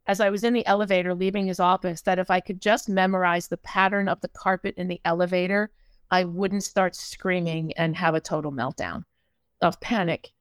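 An older American woman telling a personal story in a halting way, with many restarts and acted-out quotes. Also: medium pitch, smooth, no room sound. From United States.

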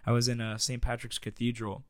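A man's voice: medium pitch, flat delivery, brisk, no room sound. Easygoing young man, dry recording. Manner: easygoing, says "dude" a lot. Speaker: podcast co-host. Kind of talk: casual chat.

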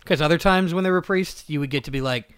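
A man co-hosting a comedy podcast, deadpan and crude, dropping trivia into casual banter. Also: fairly high pitch, quick pace, clear, resonant tone, no echo, clean studio sound. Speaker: podcast co-host.

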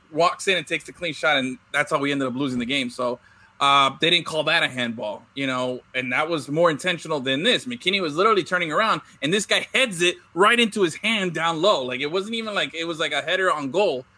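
Bright, high-voiced man in casual chat. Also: dry recording. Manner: animated, swearing, loose storytelling with restarts. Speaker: podcast co-host.

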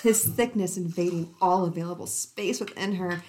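A woman with a lowish, slightly mellow voice speaks at a normal speed. She co-hosts a podcast, reading romance passages aloud and giggling, often breaking off into laughter and side comments.

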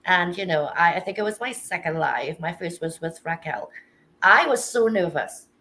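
A woman's voice: on the low side, lively intonation, normal speed, sharp tone, low-quality recording. A woman who is a guest author on a casual interview, speaking in an earnest, motivational way with some nervous restarts.

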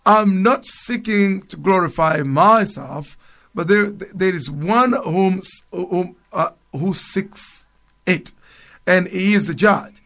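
Man, high voice, radio talk, reads scripture, chatty explanations, restarts. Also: slow pace, fairly bright tone. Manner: reads scripture aloud, then comments with restarts and chuckles. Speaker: church speaker on a radio program. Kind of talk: explaining Bible passages on radio.

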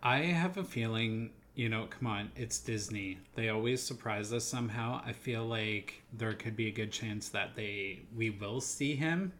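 A man's voice: fairly low pitch, a little slow, few pauses, a bit bright, slight background noise. A man co-hosting a casual podcast, recapping scenes in a loose, rambling way. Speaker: podcast co-host. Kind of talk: casual show discussion.

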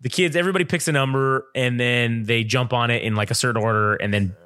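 A man's voice: mid-range voice, quick pace, sharp tone, smooth, dry recording, clean studio sound. A man co-hosting a casual podcast, telling a long rambling story full of swearing and acted-out quotes. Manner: profane, rambling, acts out quotes in funny voices. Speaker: podcast co-host.

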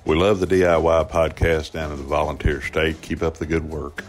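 A man with a Tennessee accent leaves a polite, friendly recorded question for a podcast. His voice sits extremely low. Faint music plays underneath him. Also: flat delivery, normal speed. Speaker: caller.

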